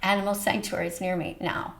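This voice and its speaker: A woman's voice: mid-range voice, level tone, brisk, vocal fry, fairly bright tone. A woman hosting a reaction video, speaking earnestly and emotionally, with a preachy tone. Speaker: host reacting to a short film. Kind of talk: reaction commentary.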